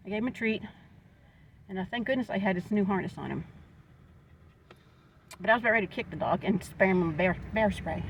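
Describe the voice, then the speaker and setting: A woman's voice: mid-range voice, a little fast, vocal fry, pauses often, slight background noise, low-quality recording. A woman vlogger telling a story in a casual, upset, rambling way, venting about what happened to her dog.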